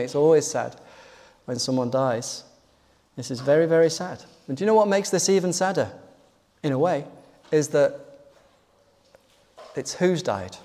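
Earnest male preacher with a higher voice. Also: darkish tone. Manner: earnest storytelling with rhetorical questions. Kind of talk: sermon. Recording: long hall reverb.

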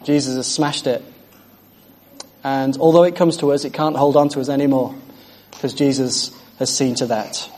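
A man's voice: mid-range voice, steady tone, moderate pace, long pauses, darkish tone. A man preaching a sermon with exuberant energy, repeating phrases for emphasis and calling out in joy.

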